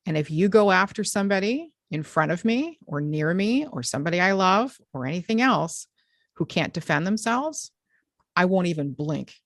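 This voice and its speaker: A woman's voice: fairly low pitch, animated, normal speed, dry recording, studio quality. A woman hosting a podcast, talking in a frank, direct and emphatic way in candid conversation. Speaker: podcast host.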